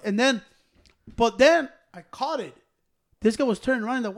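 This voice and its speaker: A young man telling a story in casual chat with friends, profane and animated, breaking into laughs. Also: very high-pitched, moderate pace, pauses often. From Hispanic American.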